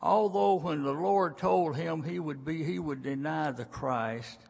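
A man in his sixties preaching a sermon in a church, telling the story in a folksy, dramatic way that swings between loud and hushed passages. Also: on the high side, unhurried, gravelly, breathy edge. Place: church sanctuary. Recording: long reverb of a large church.

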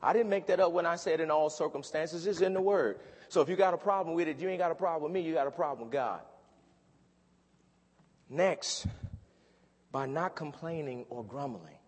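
Man, pastor, sermon, husky voice, fervent preaching, long church reverb. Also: fairly high pitch. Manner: preaching with rising fervor, drawn-out scripture reading.

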